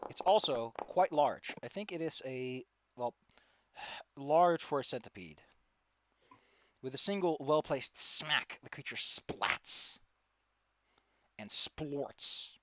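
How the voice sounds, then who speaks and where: A man's voice: mid-range voice, lively intonation, slow, long pauses, fairly bright tone, dry recording. A man narrating as game master in a tabletop game, talking loosely with lots of filler words.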